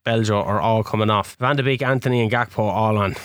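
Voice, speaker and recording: A young Irish man, a podcast host playing a football management game, chatting excitedly with loud outbursts and plenty of swearing. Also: lowish voice, quick pace, dry recording, clean studio sound. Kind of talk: excitable live gaming chat.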